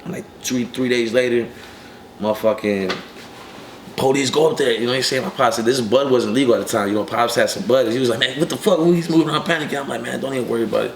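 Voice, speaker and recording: A young man in his early twenties, an interview guest who tells his story in casual street slang, cursing often and filling it with "you know what I'm saying.". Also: medium pitch. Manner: streetwise, profane, rapid storytelling with many fillers. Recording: echoey room with faint ambient noise.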